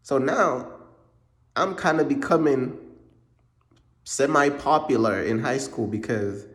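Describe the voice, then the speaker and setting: Young man, from Uganda, casual storytime, slangy, says "bro" a lot, mid pitch, echoey room. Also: slow pace. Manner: slangy, repeats points, drops in "bro" often. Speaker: vlogger. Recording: roomy echo.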